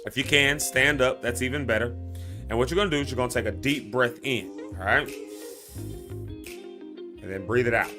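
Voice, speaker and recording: A man's voice: mid-range voice, fast, music in the background. A man with a Southern US accent hosting a live morning stream, chatting loosely with viewers, laughing often and calling them y'all. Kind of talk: casual live-stream chat with breathing tips.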